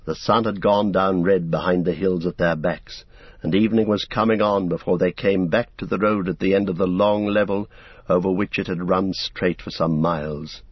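Husky, low-voiced male audiobook narrator. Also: moderate pace, no echo. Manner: steady storybook reading. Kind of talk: scripted narration. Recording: dull, dry lo-fi recording.

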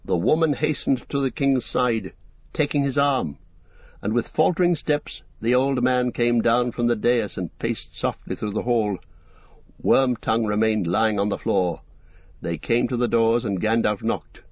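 A man narrating an audiobook in a measured, solemn storytelling manner. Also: mid-range voice, slightly rough, no room sound. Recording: dull dry lo-fi recording.

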